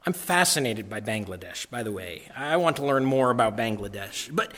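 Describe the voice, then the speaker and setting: A man preaching a sermon to his congregation, emphatic, repeating key phrases and swinging from loud declarations to hushed lines. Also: medium pitch, lively intonation, normal speed. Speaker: pastor.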